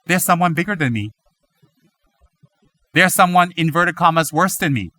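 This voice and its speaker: Animated, bright-voiced male Buddhist teacher. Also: fairly high pitch, normal speed, no echo. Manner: animated, mimics students with dramatic questions. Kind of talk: dharma teaching talk.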